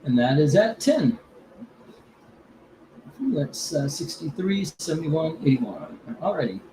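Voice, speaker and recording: A man hosting a casual live comic book auction. He rambles between lot calls, curses freely and gets heated before calming himself down. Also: fairly high pitch, slow, noisy background. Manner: rambling, cursing, gets heated over politics then calms down.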